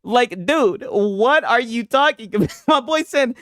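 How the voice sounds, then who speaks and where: A man's voice: very high voice, expressive, slow, hardly any pauses, a bit bright, dry recording, clean studio sound. Loose, laughing male gaming streamer. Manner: loose, profane, laughing often, many restarts. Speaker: livestream host reading chat. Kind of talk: casual gaming livestream chat.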